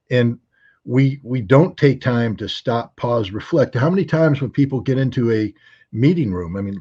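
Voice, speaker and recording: A man speaking as a guest commentator on a live call-in show, measured and reflective in long unhurried stretches. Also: mid-range voice, darkish tone, dull audio.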